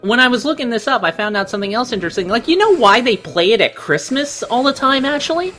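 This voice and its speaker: A man giving animated, laugh-filled commentary on a video game, sharing trivia along the way. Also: extremely high pitch, fast talker, soft background music. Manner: animated, giggly, full of trivia. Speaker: let's play co-commentator. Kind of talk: casual gameplay commentary.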